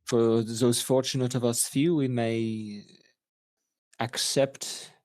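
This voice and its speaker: A man voicing a proud, self-wounding female cleric with a put-on French accent, speaking slowly and solemnly. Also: mid-range voice, little pitch movement, a little mellow, no room sound, natural voice.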